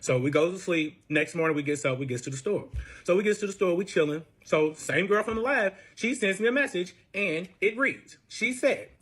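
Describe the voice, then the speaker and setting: A young man telling a story, his voice high and husky. He rattles along fast and swears constantly. He switches into a different voice for each person in the fight he describes. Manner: profane, animated, acts out both sides of quarrels. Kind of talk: storytime chat.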